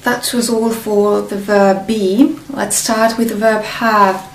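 A woman with a Northern Italian accent gives a slow beginner language lesson, taking her time and leaving pauses between drilled words. Her native Italian shapes her English. She sounds a little off-mic in a roomy, echoing space with faint background noise. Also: medium pitch, steady tone, distant mic. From northern Italy. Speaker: language teacher.

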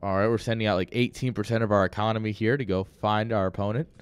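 A man's voice: on the low side, steady tone, quick pace, clear, resonant tone. A young man casting a live game with hyped, joking play-by-play, talking straight to his viewers. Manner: hype, joking, talks straight to chat. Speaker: esports caster.

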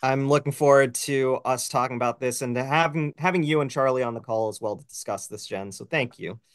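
A man's voice: medium pitch, fairly quick, dry recording, studio quality. A man hosting a casual film review show over a video call, rambling with plenty of fillers. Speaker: host.

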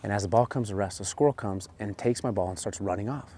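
Man putting on a nun owning up to a sin, spoken low and soft, barely a put-on voice. Joke-telling on a golf course. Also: fast, a little hiss or hum, close to an everyday voice. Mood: sheepish. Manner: told as a joke, quiet and low. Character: young nun confessing sins, woman.

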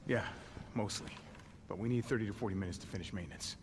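A man voicing a calm, placating leader of a group of survivors, with a fairly low voice. It is heard as game audio under heavy noise. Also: fast, close to an everyday voice.

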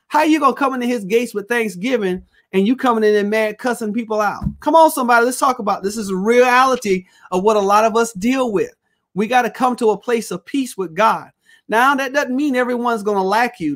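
A man's voice: high voice, a bit bright. A male pastor teaching a Bible study, preaching with call-and-response phrases and reading scripture aloud.

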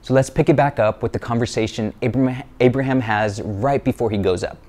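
A man's voice: mid-range voice, a little fast, darkish tone. A man giving a sermon-style teaching for his church, earnest and emphatic, with playful jokes along the way. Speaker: church speaker.

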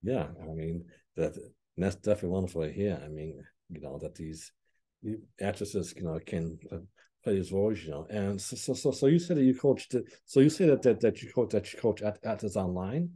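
A man hosting a podcast interview, talking haltingly and repeating words as he feels his way into questions. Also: deep voice, warm tone, husky. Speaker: podcast host. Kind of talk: casual interview conversation.

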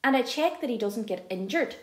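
A woman voicing an excitable, cheeky schoolboy who talks breathlessly and eagerly. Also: a little high, fairly quick, reverberant, lightly acted.

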